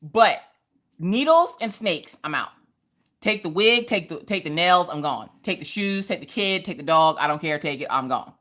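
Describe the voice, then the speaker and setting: A woman hosting a casual crafting livestream, telling family stories in a lively, animated way. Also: lowish voice, normal speed. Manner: lively storytelling, acting out family voices. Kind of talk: casual chat while crafting.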